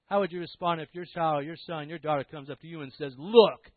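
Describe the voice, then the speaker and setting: A man's voice: a little high, fairly even intonation, fast, dry recording. A man preaching a sermon emphatically, full of rhetorical questions. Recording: tinny, dry, phone-like sound.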